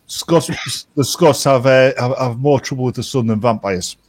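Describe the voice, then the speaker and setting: A man's voice: medium pitch, moderate pace, darkish tone, no echo. A man joking around on a comics stream over a video call. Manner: playful, punning. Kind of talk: casual chat on a comics stream.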